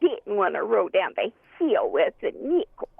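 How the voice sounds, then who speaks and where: A woman's voice: medium pitch, big pitch swings, a little slow, creaky, slightly rough, no room sound, narrow, tinny audio. A woman chatting casually on a live show, folksy, telling corny jokes. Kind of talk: casual chat.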